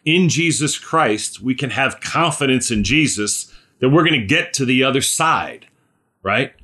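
A man's voice: medium pitch, expressive, measured pace, pushed and bright. A man preaching a conversational sermon, often asking "right?" and calling on listeners by name.

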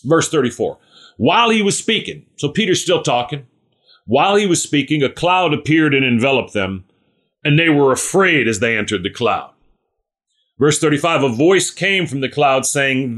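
A man's voice: medium pitch, animated, measured pace, fairly bright tone. A man leading a small-group Bible study, earnest and conversational, often checking in with his listeners.

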